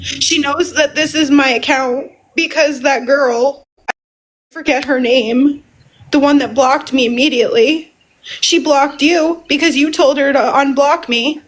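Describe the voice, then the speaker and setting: A woman telling her story as a guest on a livestream, tearful and emotional, halting with pauses and restarts. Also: sits high, steady tone, poor audio. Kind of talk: casual livestream talk.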